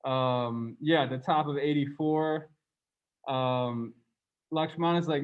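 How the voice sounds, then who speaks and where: A religious studies lecturer gives a casual, conversational classroom talk, posing questions to his students and reading passages aloud from the book. His voice sits in the mid range and moves at a slow pace, and the recording has its high frequencies cut off.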